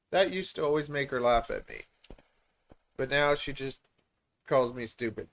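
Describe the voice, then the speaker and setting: A man's voice: medium pitch, normal speed, pauses often. Rambling, self-deprecating man streamer. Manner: rambling, self-deprecating, many filler words. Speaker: reptile breeder and channel host. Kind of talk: casual live-stream Q&A.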